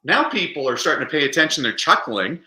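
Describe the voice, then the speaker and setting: A man being interviewed on a podcast, telling animated stories and acting out the quotes. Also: a little high, fast talker, echoey room, low-quality recording. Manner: animated storyteller, acts out quotes. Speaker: guest speaker.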